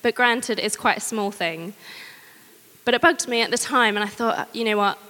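A woman preaching a sermon, candid and personal, with gentle humor. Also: on the high side, moderate pace. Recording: long hall reverb.

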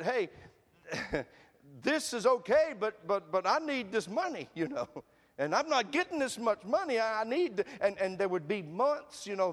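A man's voice: high voice, big-room sound. A man preaching a folksy, fervent sermon, laughing between phrases and hollering quoted cries.

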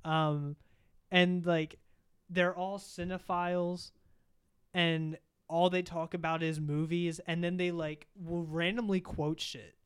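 Young guy, high smooth voice, swears a lot, rambly storytelling. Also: slow. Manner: rambling, profane, animated storytelling. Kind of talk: casual podcast chat.

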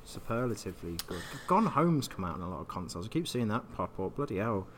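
A man's voice: fairly low pitch, very animated, fast talker, slight background noise. Wry man telling a game story. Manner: wry storyteller, laughs at his own anecdotes. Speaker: podcast co-host. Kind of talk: casual chat about video games.

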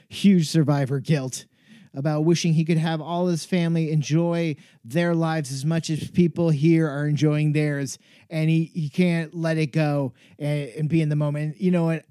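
Man, wry self-deprecating ramble, mellow tone, slightly high voice, dry close sound, cold garage, earphone mic. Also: steady tone, normal speed, no echo. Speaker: podcast host. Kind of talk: rambling comedic monologue.

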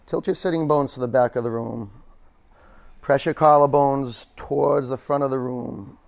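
A man's voice: medium pitch, fairly even intonation, moderate pace, creaky. A man teaching a live yoga class in a studio, giving pose cues and chatting with jokey asides to his students.

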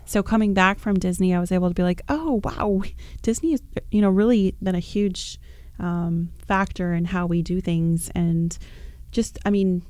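A woman on a podcast telling an animated, chatty story, with plenty of fillers. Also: on the low side, moderate pace, no room sound. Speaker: podcast guest.

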